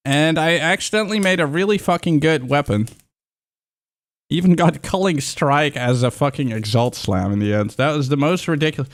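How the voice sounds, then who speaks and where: A man's voice: fairly high pitch, moderate pace. A young man chatting casually on a livestream, rambling and swearing freely. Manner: excitable, swears a lot, rambling.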